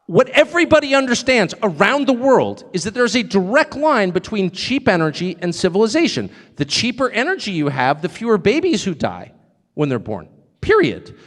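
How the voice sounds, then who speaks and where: A man's voice: sits high, sing-song, normal speed, long reverb tail. A man giving a live stage speech, emphatic and joking, often drifting off on digressions. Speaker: guest speaker at a live event.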